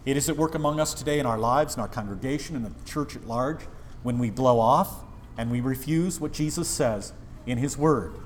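A man's voice: medium pitch, slight background noise. A man preaching an impassioned sermon as pastor, with sudden swells in volume.

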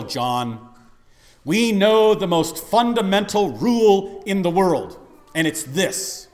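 Mock-polite exasperated congregation, slow and animated, as a male preacher plays them. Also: high-pitched. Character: indignant church members scolding their preacher. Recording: long reverb of a large hall.

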